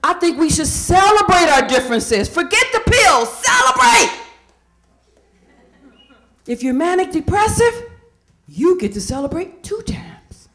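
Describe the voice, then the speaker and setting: A woman's voice: very high voice, big pitch swings, measured pace, pauses often, fairly bright tone. A woman from Indiana doing a stand-up comedy set, chatty and quizzing the crowd with questions. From Indiana, USA.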